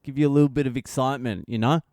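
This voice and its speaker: A man's voice: medium pitch, steady tone, rapid-fire, darkish tone, no room sound, studio quality, lightly acted. A man voicing a crude, half-naked male stranger who talks in a casual, brazen way, as if his behaviour is nothing unusual.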